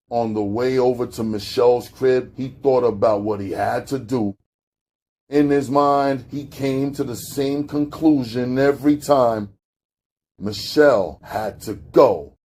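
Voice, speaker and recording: Slow husky male audiobook narrator. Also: mellow. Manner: slow, low-key storytelling with gritty street slang.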